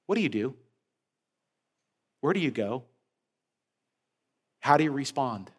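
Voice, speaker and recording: A man preaching a sermon as head of a senior-care ministry, telling a story with animated rises and falls. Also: mid-range voice, slow, breathy edge. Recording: long hall reverb.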